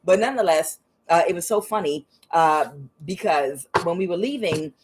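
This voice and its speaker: Female tarot reader, lowish voice, casual and profane, storytelling with mimicked quotes. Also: expressive, moderate pace, noisy background. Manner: frank and profane, with quoted asides in a higher voice. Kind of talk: casual spiritual reading and storytelling.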